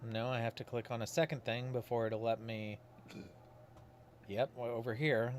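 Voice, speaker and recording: A man hosting a horror podcast stream, chatting casually as he plays a game and reads its text aloud. He muses out loud about the story as it unfolds. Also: mid-range voice, little pitch movement, moderate pace, long pauses. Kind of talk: casual let's-play chat.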